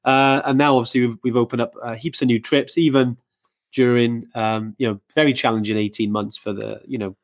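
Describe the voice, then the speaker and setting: A man co-hosting a live-streamed podcast, talking casually and warmly to viewers. He hesitates often, restarts phrases and fills pauses with ums. His pitch sits in an ordinary middle range. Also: fairly even intonation. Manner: chatty, hesitant with many fillers and restarts. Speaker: podcast co-host.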